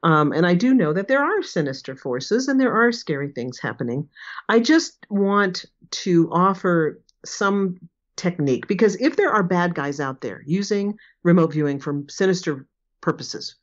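A woman in her sixties chats as an interview guest, laughing often and slipping into voices for the people she quotes. Her voice sits fairly low, and the audio is dull and lo-fi. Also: expressive, normal speed. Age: 60s. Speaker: guest, remote viewing teacher. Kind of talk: casual interview chat.

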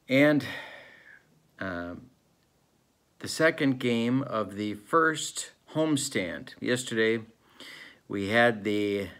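A man narrates a tabletop baseball replay in the manner of a old-school sportscaster. His delivery is mock-serious and deadpan. It moves at an easy, relaxed pace, with plenty of fillers in between. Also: fairly low pitch. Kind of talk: play-by-play style narration of a tabletop game replay.

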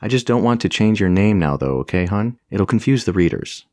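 A man's voice: on the low side, animated, fairly quick, darkish tone, no room sound, studio quality, natural voice. A man voicing a brash, childish grown man in an audiobook, crude and boastful. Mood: coaxing. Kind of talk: audiobook character voice.

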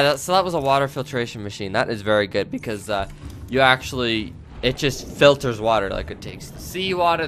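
A man giving let's play commentary, excitable and quick to yelp, talking straight to his viewers. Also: mid-range voice. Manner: excitable, yelps and jumpy outbursts, addresses viewers. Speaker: gaming video creator.

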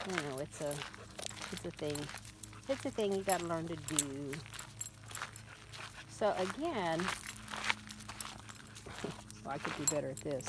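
A woman's voice: sits low, animated, a little slow, long pauses, heavy background noise. A woman who breeds dogs, chatting casually as she walks a puppy outdoors, coaxing it along as she talks. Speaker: dog breeder. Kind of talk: casual vlog while walking a puppy. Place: outdoors on a rural road.

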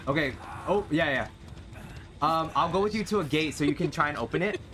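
Playful, lively-voiced male gamer. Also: a little high, fairly quick, background noise. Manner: animated, playful, keeps calling friends "girl". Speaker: streamer. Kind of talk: casual gaming chat with a friend.

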